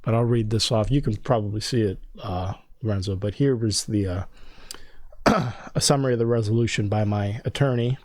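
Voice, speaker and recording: A man's voice: lowish voice, a little fast, no room sound. Exasperated man with a dry close sound. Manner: exasperated, swearing, often breaks into disbelieving laughter. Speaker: podcast host. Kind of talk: casual podcast chat. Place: home studio in a bedroom.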